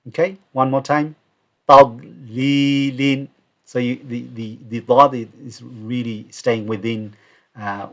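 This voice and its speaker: A man teaching Quran recitation, modelling each word slowly for students to repeat, with quick explanatory asides. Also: medium pitch, fairly bright tone. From United Kingdom. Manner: slow, drawn-out model pronunciation, then quick asides. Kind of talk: recorded recitation lesson, repeat after me. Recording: dull lo-fi recording.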